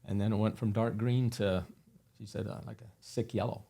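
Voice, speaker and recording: A man's voice: fairly low pitch, fairly even intonation, moderate pace, gravelly, dark tone. A man guesting on an interview, telling earnest anecdotes with many fillers. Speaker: guest, company founder. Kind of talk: casual interview storytelling.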